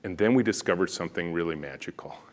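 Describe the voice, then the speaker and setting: Deep-voiced man giving an animated keynote. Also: fast talker. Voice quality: deep booming voice. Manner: animated, storytelling, acts out dialogue. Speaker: keynote speaker and company founder. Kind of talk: conference keynote storytelling. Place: conference stage.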